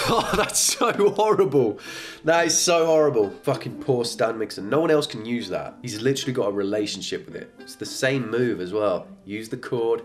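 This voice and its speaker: A man's voice: medium pitch, a bit bright. A young man giving comedic reaction commentary, exasperated and sweary, with grossed-out outbursts.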